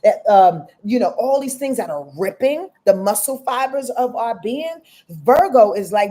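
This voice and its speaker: Woman astrologer, live stream chat, emphatic, swears freely, fairly high voice, mellow tone. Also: unhurried. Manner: animated, emphatic and profane, talking straight to viewers. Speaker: astrology reader and host. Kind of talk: live-stream casual talk.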